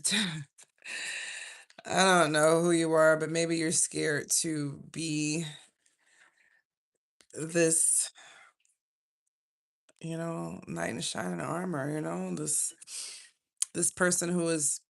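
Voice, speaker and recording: A woman running a casual tarot livestream, chatting and rambling as she pulls cards. Her voice has a gravelly, creaky edge. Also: low-pitched, little pitch movement, very slow, pauses often. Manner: rambling, chatty, self-interrupting. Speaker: tarot reader.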